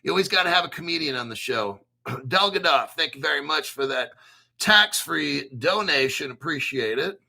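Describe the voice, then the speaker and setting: A man's voice: on the high side, animated, normal speed, vocal fry, sharp tone. An American man hosting a crypto livestream, reading the chat and articles in a hyped, brash, rambling way with some swearing. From United States. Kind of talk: excited livestream commentary.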